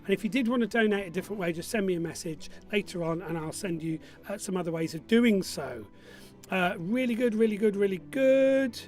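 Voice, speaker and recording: A man's voice: high voice, brisk, darkish tone. A man from Burnley, hosting an online pub quiz in a chatty, joking way and reading out viewer messages. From Burnley, Lancashire, England. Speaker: quiz host. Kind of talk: live-streamed pub quiz chat.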